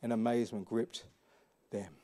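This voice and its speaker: A man's voice: fairly low pitch, fairly even intonation, normal speed, mellow. A man preaching a sermon as a pastor, in a conversational, questioning way with frequent fillers.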